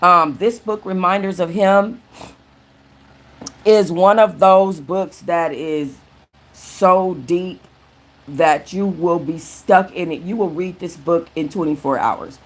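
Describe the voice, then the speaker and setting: A woman's voice: on the low side, takes it slowly. A woman hosting a casual live-stream book chat, chatty and prone to restarting sentences. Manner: chatty, restarts often, thanks viewers mid-sentence. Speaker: book channel host.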